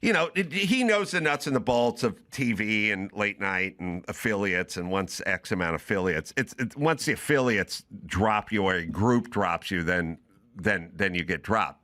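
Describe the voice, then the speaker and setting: Man, comedian host, casual storytelling, lively pitch, bright tone, acts out both voices of a call. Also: moderate pace. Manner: animated, acts out both sides of a phone call. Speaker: podcast host.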